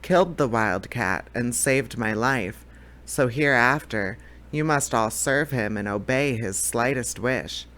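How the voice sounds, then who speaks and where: Man voicing a mouse queen, small and proud, storybook reading, low-pitched, slow. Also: pushed and bright. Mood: regal. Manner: squeaky little voice, indignant.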